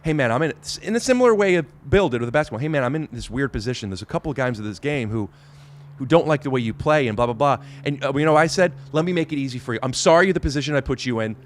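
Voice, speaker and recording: A man's voice: mid-range voice, animated, rapid-fire. A man hosting a podcast in casual chat, talking in rambling bursts full of restarts and hesitations. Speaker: podcast host.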